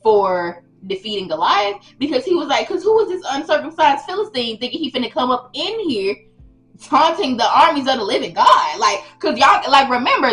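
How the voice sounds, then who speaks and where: A woman's voice: sits high, fairly bright tone, rough recording. A young woman retelling a Bible story in a casual, slangy, playful way as the host of her channel.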